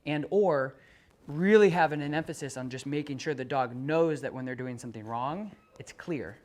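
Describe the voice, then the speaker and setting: A man coaching a dog owner, talking earnestly at a medium pitch. He often backs up and restarts his sentences. He acts out little exchanges between owner and dog to make his point. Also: moderate pace, a little mellow. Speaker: dog trainer. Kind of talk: explaining to a client.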